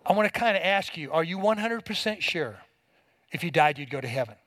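A man's voice: fairly high pitch, expressive, brisk, a bit bright, no room sound, rough recording. A middle-aged man preaching a sermon to a congregation, folksy and emphatic, with homespun everyday examples. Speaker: pastor.

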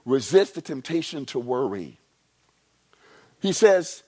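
A man's voice: fairly high pitch, big pitch swings, normal speed. A male pastor preaching a sermon, calling on the congregation to repeat after him and repeating lines for emphasis, often restarting his words. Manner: call-and-response preaching, repeats phrases for emphasis; stammering restarts, swings from hushed to loud.

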